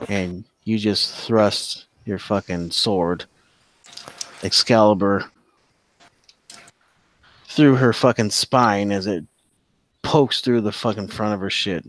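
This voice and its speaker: Low-voiced profane game master. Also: male voice. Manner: vivid, profane storytelling narration. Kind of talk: narrating a tabletop game, casual and profane.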